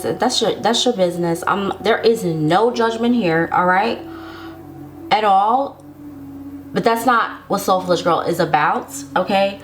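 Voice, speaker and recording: Woman tarot reader addressing viewers directly, sassy, chatty and reassuring, laughs often, faint background noise. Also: mid-range voice. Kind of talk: casual tarot love reading to camera.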